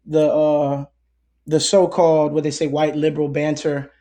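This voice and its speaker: A man's voice: a little high, flat delivery, moderate pace, warm tone. A man speaking as a guest in a casual conversation, rambling with lots of fillers and restarts.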